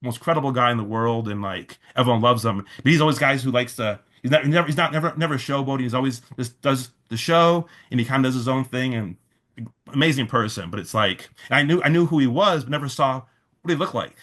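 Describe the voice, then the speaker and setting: Man, casual interview guest, mid-pitched voice, rambling, quotes people in his own voice. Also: quick pace, a bit bright. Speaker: festival organizer, interview guest.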